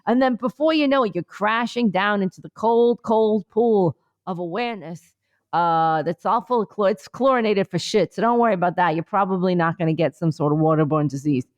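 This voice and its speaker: A woman's voice: mid-range voice, brisk, lo-fi sound. A woman co-hosting a comedy podcast remotely, rambling through a mock-earnest mindfulness bit with many fillers. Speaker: podcast co-host. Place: remote, on vacation.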